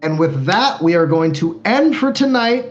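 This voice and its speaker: A man running a tabletop game, describing the scene in a loose, rambling manner full of "kind of" and "like." His voice sits a bit higher than usual for a man. The stream audio is dull and lo-fi, with soft music in the background. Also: expressive, moderate pace. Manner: loose, descriptive, hedging with fillers. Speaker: game master.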